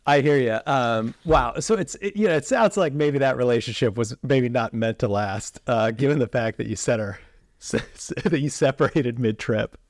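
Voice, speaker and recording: Relaxed man hosting a podcast, dry sound. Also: mid-range voice, moderate pace, dry recording. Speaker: podcast host. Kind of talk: casual interview chat.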